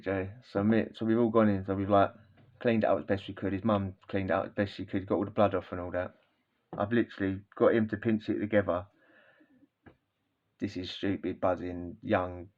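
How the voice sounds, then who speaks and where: A man telling a rowdy story in casual chat, rambling with frequent tag questions and laughs. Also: lowish voice. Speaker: podcast host telling a story. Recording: dull lo-fi sound.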